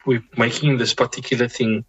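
A man with a husky, slightly breathy voice and a forceful, bright edge. He talks in a measured, reflective way, circling back and repeating words as he gathers his thoughts. His tone leans gently toward preaching. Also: medium pitch, flat delivery, highs cut off. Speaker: Muslim scholar guest. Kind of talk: reflective podcast conversation.

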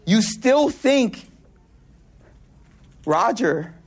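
A man giving a sermon to a live audience, telling stories in an animated way, laughing as he goes, and using casual slang with lots of repeated words. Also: sits high, drawn-out words. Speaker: Islamic speaker.

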